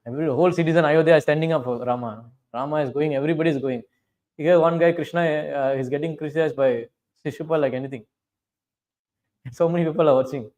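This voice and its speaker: A man with a fairly high voice leads a scripture class, reciting Sanskrit verses and unpacking them in English. He keeps checking in with his listeners and speaks with fervent force when he turns to critics. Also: a little mellow. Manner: checks in with listeners, asking "right?"; mixes chanted Sanskrit verses into English explanation. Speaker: spiritual teacher lecturing on scripture.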